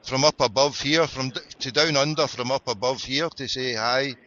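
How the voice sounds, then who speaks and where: Speaking at normal speed in a mid-range voice, this Scottish host with a Glasgow accent sounds pushed and bright, his intonation fairly even. He rambles through sweary, jokey live chat and phone-ins on an internet radio show. The recording is muffled.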